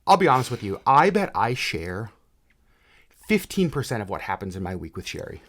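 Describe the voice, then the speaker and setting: A woman's voice: very deep voice, very animated, brisk. A woman co-hosting a casual podcast chat, playful and teasing, rambling with plenty of fillers. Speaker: podcast co-host.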